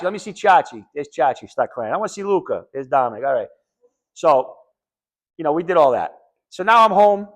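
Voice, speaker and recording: Lively, storytelling middle-aged man. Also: medium pitch. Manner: animated, swings between loud joking and quiet earnest talk, repeats words. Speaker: lung transplant patient speaking to patients. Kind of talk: personal story told to a group.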